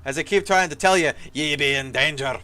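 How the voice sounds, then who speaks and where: A man voicing a wounded ghost dwarf warrior, speaking in a gruff, dry voice and an old-fashioned dwarven dialect. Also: on the high side, fairly quick. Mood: storytelling. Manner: archaic dwarven dialect, loud and emphatic.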